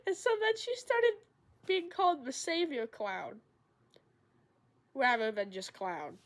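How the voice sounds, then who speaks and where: High lively girl chatting while gaming. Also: takes it slowly. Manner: rambling, lots of "like" fillers; animated, jumps into high excited tones. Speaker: streamer. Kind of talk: casual storytelling while gaming.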